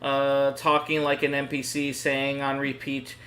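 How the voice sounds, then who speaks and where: A man's voice: medium pitch, monotone, unhurried, a bit bright, poor audio. A young man co-hosting a gaming stream, chatting in a rambling, hesitant way with lots of laughter. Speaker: gaming YouTuber co-host. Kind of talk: casual chat over a game stream.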